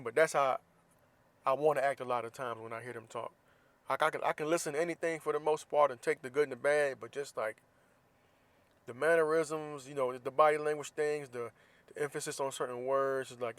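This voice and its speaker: A man's voice: medium pitch, steady tone, a little fast, dry recording. A man from Florida hosting a podcast, ranting bluntly and profanely in a casual opinion monologue. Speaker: podcast host.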